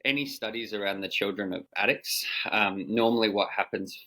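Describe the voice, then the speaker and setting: A man's voice: lowish voice, brisk, pushed and bright, low-quality recording. A man being interviewed as a coach, telling a personal story in a thoughtful, searching way with many restarts. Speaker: guest coach. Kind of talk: reflective storytelling in conversation.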